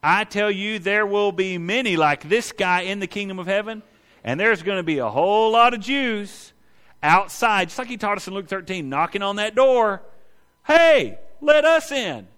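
A man preaching a sermon with a bright, forceful voice pitched a little high. He acts out the voices in his stories, rising loud and then dropping to hushed, low asides. A long reverb trails his words, as in a large hall. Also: normal speed, smooth. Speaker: pastor.

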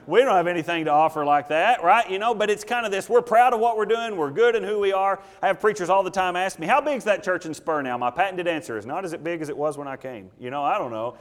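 Folksy preacher in a reverberant church. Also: male voice, sits high, lively intonation, fast talker, few pauses. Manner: folksy storytelling, rising to emphatic preaching. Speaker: pastor. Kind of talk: sermon.

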